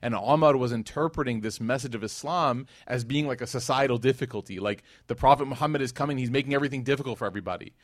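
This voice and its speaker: A man's voice: medium pitch, fast, few pauses, no echo, studio quality. A man teaching a religious class in a casual, conversational way, full of fillers, who acts out the quotes as he retells the story. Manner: conversational, with many fillers and restarts.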